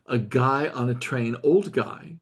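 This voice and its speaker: A man's voice: mid-range voice, slow, husky. An older man leading a study group, telling a story earnestly and tearfully, often repeating and restarting his words. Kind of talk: emotional storytelling in a group call.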